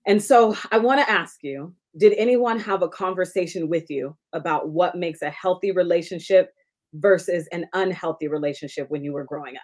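A woman's voice: fairly low pitch, moderate pace. A woman hosting her own podcast, upbeat and chatty, laughing often as she talks with a guest. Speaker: podcast host and coach. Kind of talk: casual interview chat.

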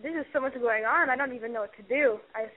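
A teenage woman from Chicago calling in to a radio advice show, flustered and rushing through her words. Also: fairly high pitch. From Chicago, USA. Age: teens. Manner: flustered, rushed. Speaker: caller. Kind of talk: call-in confession. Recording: tinny phone call.

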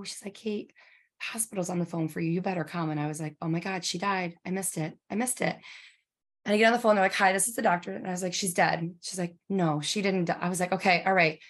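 A woman in her forties telling a personal story in an emotional, halting way, with many fillers and restarts. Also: mid-range voice.

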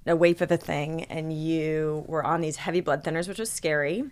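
A woman's voice: low voice, fairly even intonation, moderate pace, a little mellow. A woman host in a casual interview, supportive, chiming in and recapping her friend's story.

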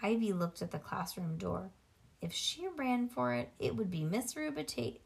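A woman's voice: fairly high pitch, animated, moderate pace, creaky, breathy edge. A woman reading a children's book aloud to a child at home, with casual asides to the child.

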